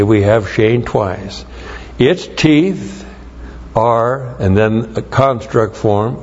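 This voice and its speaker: A man's voice: medium pitch, a little mellow. A man teaching a Bible lesson, explaining Hebrew words and spelling them out letter by letter. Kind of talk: verse-by-verse Hebrew word study. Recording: dull lo-fi recording.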